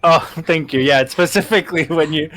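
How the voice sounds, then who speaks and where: A man's voice: fairly high pitch, brisk, fairly bright tone, no echo, soft background music. A man streaming a game, chatting casually with friends, laughing often and filling with "like". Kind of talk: casual let's-play chat.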